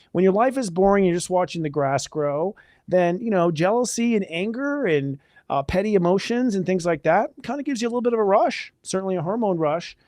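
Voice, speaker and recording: Male astrology host, casual and enthusiastic, slightly high voice, dry close sound. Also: dry recording. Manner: chatty, energetic, spiritual enthusiasm. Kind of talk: casual live astrology talk.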